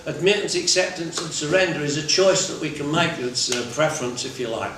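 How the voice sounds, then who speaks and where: Brief: plain-spoken man addressing a recovery workshop, pitched a little high, heard from across a booming, echoey room. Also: brisk. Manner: blunt, conversational, mixes in laughs and asides. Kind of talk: informal talk to a recovery group. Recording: very echoey room, mic far off, faint noise.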